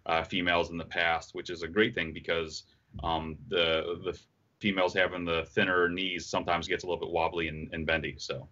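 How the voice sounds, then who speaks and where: A man's voice: low-pitched, little pitch movement, fairly quick, bright, forceful tone. A man explaining product details on a live stream, enthusiastic with frequent halts. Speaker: product designer. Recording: muffled stream audio.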